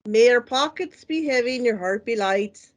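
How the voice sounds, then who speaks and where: A woman's voice: a little high, animated, moderate pace, natural voice. A lilting, sing-song mock Irish brogue reciting a little blessing, as a woman puts it on for fun. The delivery rolls along like a recited rhyme.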